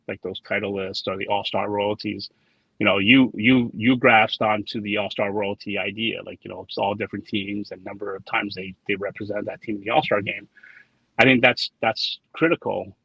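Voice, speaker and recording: Husky low-voiced man telling stories. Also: fairly even intonation, normal speed, sharp tone, no room sound. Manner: rambling, repeats words, tells anecdotes with quoted dialogue. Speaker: trading card designer, guest. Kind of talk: casual interview storytelling. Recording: dull lo-fi sound, dry.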